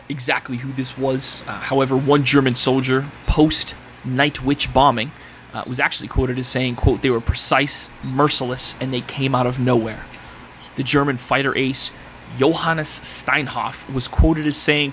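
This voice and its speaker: A man's voice: medium pitch, a bit bright, slight background noise. A man presenting history on a casual podcast, reading facts aloud and then riffing and laughing with friends.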